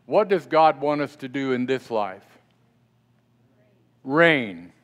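A man's voice: medium pitch, lively intonation, moderate pace, clear, resonant tone. A middle-aged male pastor preaching a sermon in a church, talking conversationally and often asking the congregation questions. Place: church sanctuary.

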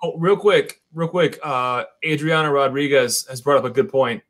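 A man guest in a casual livestream chat, jokey and animated. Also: medium pitch, normal speed.

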